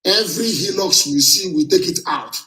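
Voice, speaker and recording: A man's voice: sits high, moderate pace, pushed and bright. A man delivers a defiant, combative address in a slightly raised voice. The sound carries a roomy echo, as if spoken in a bare room. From southeastern Nigeria. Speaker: movement leader. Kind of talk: broadcast political address.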